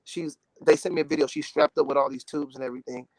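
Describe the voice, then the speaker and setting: A man's voice: mid-range voice, steady tone, fast, dry recording. A man in his twenties from Dallas, a gospel artist talking in a casual interview, earnest and emotional with lots of "you know"s. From Dallas, Texas. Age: 20s.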